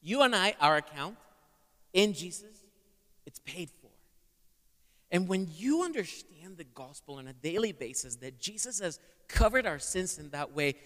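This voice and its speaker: A man's voice: high-pitched, lively intonation, moderate pace, fairly bright tone. A man preaching a sermon to a live congregation and having them repeat words back. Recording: long hall reverb.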